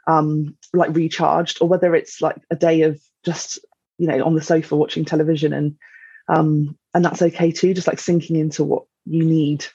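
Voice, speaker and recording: A woman, speaking as a podcast guest in candid, reflective conversation, halting and full of fillers. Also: low-pitched, flat delivery, mellow, husky, no room sound, muffled recording.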